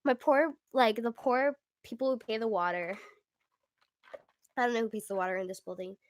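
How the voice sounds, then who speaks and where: A young woman with a squeaky, fairly high voice hosts a casual livestream. She talks in a chatty, giggly way and fills her sentences with "like". The sound is dry and close, with no room around it. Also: normal speed, no room sound. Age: young adult. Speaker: livestream host.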